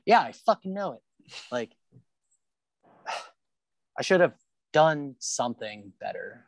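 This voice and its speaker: Recorded without echo on a Kansas City porch, this man has a fairly low-pitched voice. He's a rollerblader appearing as a guest on a casual podcast interview, talking bluntly and packing his speech with curse words and fillers.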